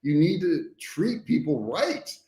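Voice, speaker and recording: A man's voice: fairly high pitch, big pitch swings, slow pace, dark tone, echoey room. A man hosting a casual business livestream, speaking frankly and emphatically, often checking in with his viewers. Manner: frank and emphatic, often tags points with "okay?". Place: home office.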